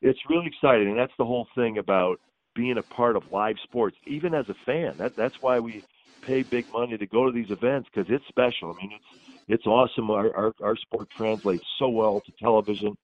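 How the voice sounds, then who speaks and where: A man hosting sports radio, reflecting in a halting, thoughtful way. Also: fairly low pitch, lo-fi sound.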